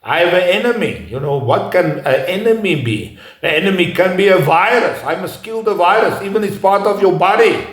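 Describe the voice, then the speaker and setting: A man giving an unscripted lecture, talking haltingly with frequent pauses and restarts. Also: high-pitched. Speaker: speaker giving a talk. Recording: echoey room.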